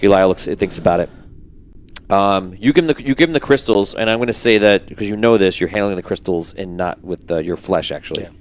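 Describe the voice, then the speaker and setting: A man running a tabletop game, narrating in a casual, rambling way. His voice sits on the low side, with a faint hiss in the recording. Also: a little fast. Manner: casual, rambling with fillers and restarts. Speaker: game master.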